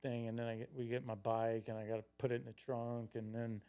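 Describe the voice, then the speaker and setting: Telling a sprawling story as a podcast guest, a man in his sixties from Florida, United States talks fast in a smooth, warm, level voice of middling pitch. He swears constantly and mimics his younger self's lines along the way.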